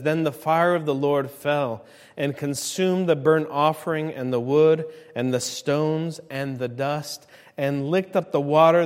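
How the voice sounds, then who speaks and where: In a large hall, a man in his thirties preaches a sermon as a pastor. He swings between quiet, low passages and loud, ringing climaxes.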